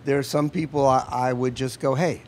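A man's voice: mid-range voice, fairly even intonation, fairly quick, darkish tone, a little hiss or hum. Easygoing male talk-show host. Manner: easygoing and grateful, with hesitant restarts. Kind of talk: casual interview chat.

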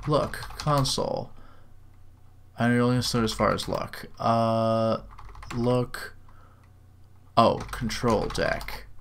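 A man reads a text adventure aloud, drawing out each typed command and dropping in dry, wry remarks. His voice sits at an ordinary middle pitch for a man. Faint keyboard typing clicks along behind him. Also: a little hiss or hum. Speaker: game video host.

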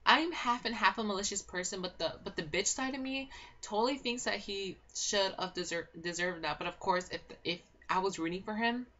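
A young woman giving a casual, gossipy reality show recap, excitable and swearing a lot, with constant filler words. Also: medium pitch, fairly quick. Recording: dull lo-fi home recording.

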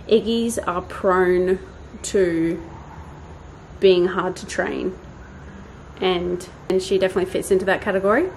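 Woman, casual vlog chat, backyard, faint background noise. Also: poor audio. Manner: chatty, rambling, with high sing-song calls to her dog. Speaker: vlogger training her dog. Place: outdoors in a backyard.

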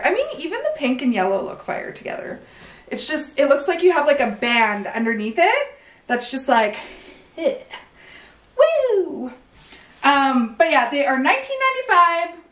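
A woman's voice: high voice, fairly bright tone. A woman doing a casual clothing try-on haul, chatty and bubbly, full of slang and filler words. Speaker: clothing store owner showing new stock. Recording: echoey room, some distance from mic.

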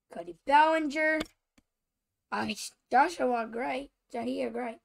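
A female host talks through a card-opening video at a slow, unhurried pace, her fairly high voice carrying a gravelly edge of vocal fry. She halts often, fills gaps with fillers, and keeps apologizing for stumbling over names. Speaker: channel host showing baseball cards. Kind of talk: casual card-opening commentary.

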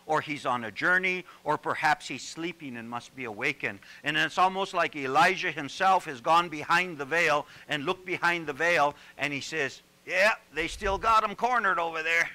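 A male pastor preaching with a forceful, bright voice that sits somewhat high. He is animated and joking, and he stumbles over repeated words when he gets going. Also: poor audio. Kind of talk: sermon.

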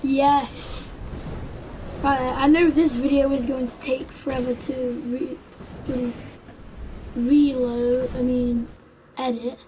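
Excitable woman gamer with a very slow, drawn-out delivery; live commentary over loud game music. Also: high-pitched, slight background noise. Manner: excitable, screams at big moments.

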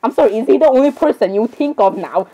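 A woman's voice: on the high side, lively intonation, fast talker, dark tone, rough recording. A teenage girl casually reacting and commenting, rambling and saying sorry over and over with giggles. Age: teens. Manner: chatty, rambling, keeps apologizing with giggles.

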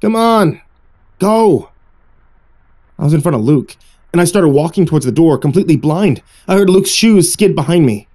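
A man narrating a horror story in a hushed, suspenseful storytelling manner. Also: a little high, fast talker. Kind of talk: scripted narration.

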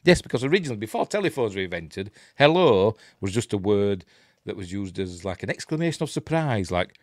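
A man's voice: on the low side, sing-song, brisk, dry recording, studio quality. A man with a Yorkshire accent giving a rambling, chatty running commentary as he watches a film, chuckling at his own asides. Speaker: host of a film watch-along channel.

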